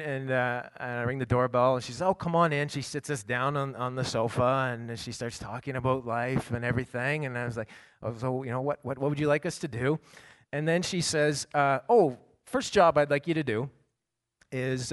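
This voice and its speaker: A middle-aged man, a pastor, preaching a sermon and telling a personal story, swinging from quiet asides to loud bursts. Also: medium pitch, steady tone, moderate pace, clear, resonant tone.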